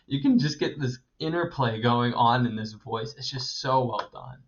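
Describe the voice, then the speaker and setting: Man, thirties, writing instructor, eager and chatty, mid-pitched voice, dull lo-fi recording. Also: measured pace. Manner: enthusiastic, conversational, laughs often. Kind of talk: recorded video lecture.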